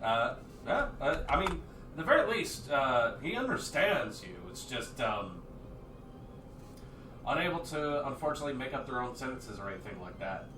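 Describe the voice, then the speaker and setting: A man's voice: mid-range voice, big pitch swings, moderate pace, reverberant, far from the mic, noisy background. A man narrating a tabletop game as game master, rambling with many fillers and restarts.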